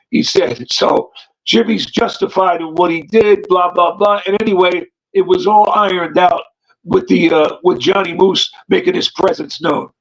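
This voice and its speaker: A man with a New Jersey accent spins a long yarn as a podcast guest, acting out what everyone said. His voice sits high for a man. The audio is dull and lo-fi. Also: steady tone, normal speed, gravelly. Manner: rambling, acts out quoted dialogue. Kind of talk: casual storytelling.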